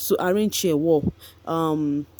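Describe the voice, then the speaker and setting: A woman's voice: sits low, slow, warm tone. A woman, gossiping chattily about a reality show for her vlog viewers, with frequent asides to them. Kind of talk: casual commentary vlog.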